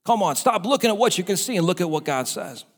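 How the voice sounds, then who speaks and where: High-voiced man preaching a sermon. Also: big pitch swings, fast, breathy edge. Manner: preaching with acted voices of the doubter and the devil. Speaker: pastor.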